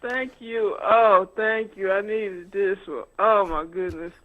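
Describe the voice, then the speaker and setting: A woman's voice: mid-range voice, slow pace, narrow, tinny audio. A woman calling in, chatting casually with frequent laughs and exclamations. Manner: laughs a lot, warm exclamations. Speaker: caller. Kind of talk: casual phone chat.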